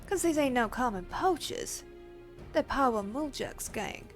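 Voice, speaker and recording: A woman's voice: high voice, expressive, a little slow, faint music behind. A woman voicing a folksy Southern-accented woman in a video game, drawling as she reads the lines aloud. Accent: American Southern, put on.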